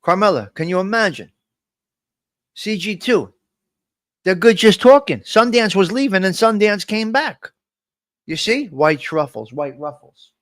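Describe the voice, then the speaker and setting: A man with a slightly high voice hosts a casual live stream from his desk microphone, loose and jokey. He keeps calling out his viewers by name, and the sound is dry and close, with no room echo. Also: very animated, unhurried, pauses often, fairly bright tone.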